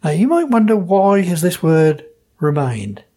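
A man's voice: sits high, sing-song, measured pace, dark tone. A man from Norfolk with a Norfolk accent, explaining dialect words in an enthusiastic, explanatory way during an interview. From Norfolk, England. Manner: enthusiastic, explanatory, playful with pronunciations. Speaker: dialect society member. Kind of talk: interview answers.

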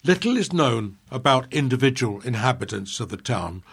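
Man reading local history, husky tone. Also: mid-range voice. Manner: measured, steady reading with small slips. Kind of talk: reading a prepared history piece.

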